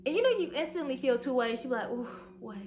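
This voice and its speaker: Young woman vlogger, high voice, lively slangy storytime, acts out the convo, noisy home recording. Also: very fast. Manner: animated, slangy storytelling with acted-out dialogue. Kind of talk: storytime vlog. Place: bedroom at home.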